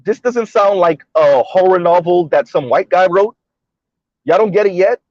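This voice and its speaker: A man's voice: sits high, normal speed, a little mellow, dry recording. Emphatic man with a dull, dry sound. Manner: emphatic, repeats points with rhetorical questions. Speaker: commentary video host. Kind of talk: monologue commentary.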